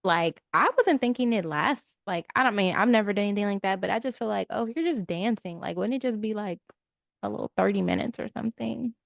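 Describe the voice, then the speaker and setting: A woman co-hosting a podcast, recapping a show in a relaxed, chatty way. She keeps jumping into the characters' lines with little put-on voices. The recording is close and dry, with no room sound. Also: mid-range voice, vocal fry, dry recording. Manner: animated retelling, acts out characters' lines in quick asides. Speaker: podcast co-host. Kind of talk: casual recap of a TV episode.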